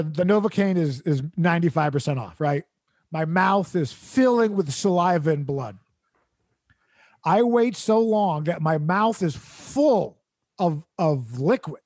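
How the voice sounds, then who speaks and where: A podcast host, a man with a notably high voice, spins an exasperated comic anecdote with biting sarcasm and bursts of laughter. The sound is dry and close, with no room tone. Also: lively intonation, slow, no echo. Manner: sarcastic, exasperated, laughs through his story. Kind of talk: comedic storytelling rant.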